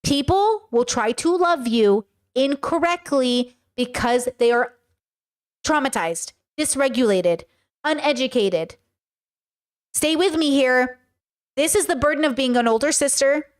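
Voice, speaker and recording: A woman with a high voice tells a personal story to her live chat. She talks casually and candidly, and swears freely along the way. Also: animated, unhurried. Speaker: streamer reacting to live chat.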